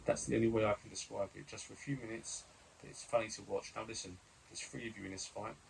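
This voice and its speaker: A loyal, friendly sailor, voiced by a man reading a gamebook aloud who chats in a matter-of-fact way. The voice sits fairly low and has a gravelly edge. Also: flat delivery, quick pace, slight background noise, low-quality recording. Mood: explaining.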